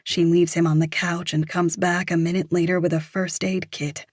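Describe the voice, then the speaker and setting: A woman narrating a thriller audiobook in a measured, even reading. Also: fairly low pitch, no room sound, clean studio sound. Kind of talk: scripted narration.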